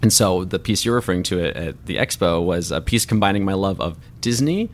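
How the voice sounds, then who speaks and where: A man with a very low, deep voice shares his own story as an interview guest. He talks in an earnest, reflective way and is openly moved by what he remembers. He sounds like a thoughtful performer in his thirties. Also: lively intonation, brisk, a little hiss or hum. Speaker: voice actor and artist guest.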